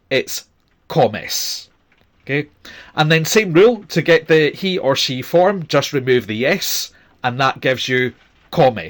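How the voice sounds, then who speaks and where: A man teaching a Spanish grammar lesson, explaining patiently and checking in with "okay?" as he goes. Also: mid-range voice. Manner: patient, repeats "okay?" often. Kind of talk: language lesson.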